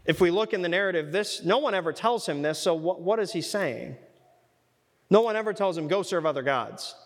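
High-voiced preacher in an echoing hall. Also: male voice, animated, brisk. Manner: conversational, asks rhetorical questions. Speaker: preacher teaching a Bible study. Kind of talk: sermon.

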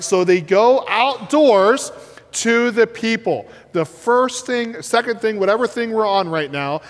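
A man preaching a sermon on a headset mic, swinging between shouts and near-whispers as he acts out the story. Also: high voice. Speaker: pastor. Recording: reverberant hall.

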